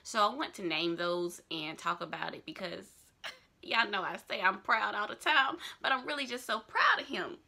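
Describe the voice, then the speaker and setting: Young woman, fan vlogger, gushing and excitable, bright and animated delivery. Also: mid-range voice, normal speed, vocal fry. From Georgia, US. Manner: gushing, excitable, repeats herself. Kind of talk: casual vlog chat.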